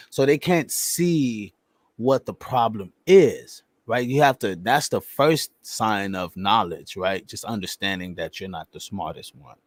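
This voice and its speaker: Low-voiced man rambling on a podcast. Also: no echo. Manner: loose, rambling, swears often and checks in with "right?". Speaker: podcast host. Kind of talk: casual podcast chat.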